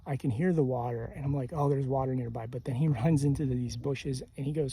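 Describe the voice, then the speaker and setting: A man's voice: medium pitch, normal speed, husky. A man casually telling a rambling personal story, recorded sitting outdoors on a picnic bench. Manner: rambling, animated retelling with quoted dialogue and laughs. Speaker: spiritual storyteller.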